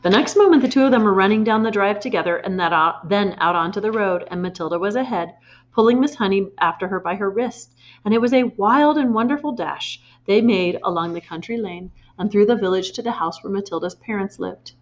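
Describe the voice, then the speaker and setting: A woman reading a children's storybook aloud in an expressive way, pointing out the pictures as she goes. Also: mid-range voice, fairly quick, dull audio.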